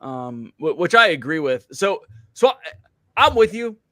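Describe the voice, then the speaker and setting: A man co-hosting a casual podcast chat, joking in quick, excitable asides. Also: a little high, dry recording. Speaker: podcast co-host.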